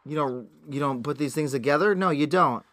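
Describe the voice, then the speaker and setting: A man's voice: a little high, a little fast, fairly bright tone, dry recording. A man co-hosting a podcast, reviewing a movie in casual banter with a crude, sarcastic, blunt manner. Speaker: podcast co-host.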